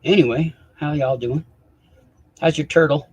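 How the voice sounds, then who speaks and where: A man's voice: a little high, measured pace, darkish tone, slightly rough. A man hosting a casual live stream, rambling and swearing in exasperation while he chats with viewers.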